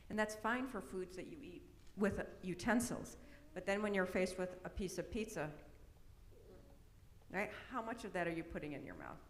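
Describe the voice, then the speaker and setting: A middle-aged woman giving a friendly, conversational presentation on autism, tossing in a quick question to the audience now and then. Her voice sits on the low side and rings out through a large hall with a long echo. A faint hum of room noise sits underneath. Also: sing-song. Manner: conversational, frequent tag questions. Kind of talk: autism awareness talk. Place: church hall. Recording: echoey hall, long reverb.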